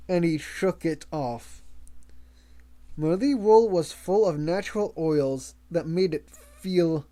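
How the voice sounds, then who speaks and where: A man reading a novel aloud as an amateur audiobook narrator, measured, with small slips and restarts. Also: a little high, mellow. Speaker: audiobook reader.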